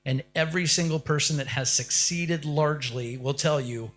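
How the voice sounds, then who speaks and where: A man's voice: on the high side, steady tone, normal speed, a bit bright, a little hiss or hum. A man delivering a motivational keynote speech, firing rhetorical questions at the audience and building up to short, punchy lines. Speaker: keynote speaker.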